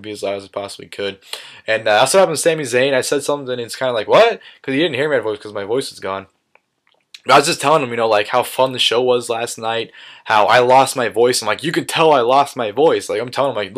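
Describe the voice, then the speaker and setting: A man's voice: mid-range voice, a bit bright. Rambling young man recapping a fan event. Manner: rambling, repeats "awesome" and "you know". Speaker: vlogger. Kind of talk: casual recap vlog.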